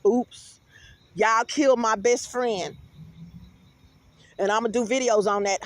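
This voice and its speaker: With a somewhat high voice and no room echo, a middle-aged woman hosts a casual interview chat. She tells stories animatedly and calls out to her viewers as y'all.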